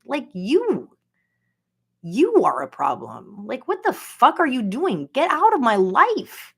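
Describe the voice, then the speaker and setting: A woman from Florida talks slowly in a fairly high voice, rambling through a casual personal monologue. She swears constantly and fills her talk with filler words. Her tone is venting and incredulous. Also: wildly swooping pitch, creaky, breathy edge. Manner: rambling and profane, heavy use of filler words. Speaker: podcast host.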